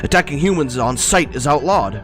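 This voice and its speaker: A man's voice: a little high, animated, a little fast, over music, natural voice. A congested man voicing a stubborn, indignant male zombie commander from a video game. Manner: defensive, stubborn.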